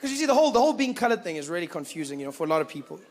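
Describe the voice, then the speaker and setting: Young South African male comic, high light voice, lively self-mocking storyteller. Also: rapid-fire, slight background noise. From Johannesburg, South Africa. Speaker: stand-up comedian. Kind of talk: stand-up comedy routine.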